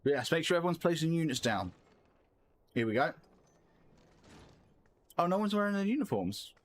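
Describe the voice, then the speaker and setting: A man streaming a video game, chatting excitedly and laughing as he plays. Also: a little high, normal speed. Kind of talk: live game-stream commentary.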